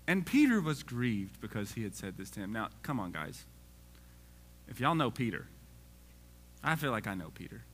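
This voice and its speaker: Animated joking preacher man. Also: lowish voice, moderate pace, pauses often, breathy edge. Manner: animated and joking, reads scripture aloud. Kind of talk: casual sermon.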